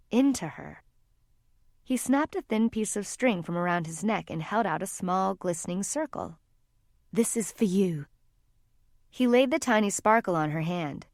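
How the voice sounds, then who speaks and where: A woman narrates a fantasy romance audiobook in a calm, steady storytelling voice of middling pitch. The recording is close and dry, with no room sound at all. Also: normal speed, no room sound. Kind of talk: scripted narration.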